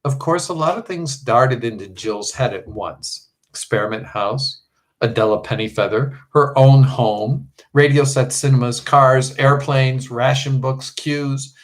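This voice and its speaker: Man reading a children's fantasy aloud, mid-pitched, measured. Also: low-quality recording. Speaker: audiobook reader. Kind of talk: storybook narration.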